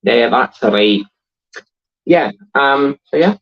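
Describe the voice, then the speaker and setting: A man's voice: medium pitch, animated, a little slow, dull audio. A man in his thirties hosting a casual livestream, rambling and laughing as he reads out viewer comments. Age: 30s. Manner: chatty and rambling, laughs often, many fillers. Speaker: host of a model-building livestream.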